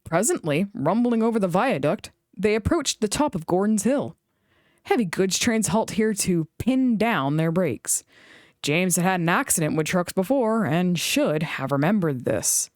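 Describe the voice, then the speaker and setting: A woman reading a children's book aloud in an expressive storytelling voice. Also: lowish voice, measured pace, no echo, studio quality. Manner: expressive, animated read-aloud.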